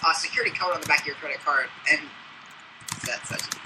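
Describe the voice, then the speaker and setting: A man's voice: a little high, fast, bright, forceful tone. Snarky man on a noisy podcast. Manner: snarky, teasing. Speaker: podcast co-host. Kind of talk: casual sports chat.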